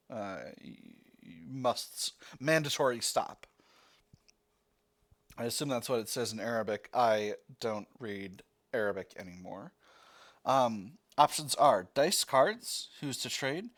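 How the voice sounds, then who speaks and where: A man's voice: mid-range voice, expressive, slow, a bit bright. A man reading a text adventure game aloud as its player, breaking off into rambling, self-correcting asides.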